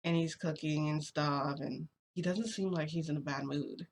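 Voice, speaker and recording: A woman's voice: sits low, fairly even intonation, normal speed, a little hiss or hum. A young woman vlogger telling a personal story in a casual, rambling way, full of fillers.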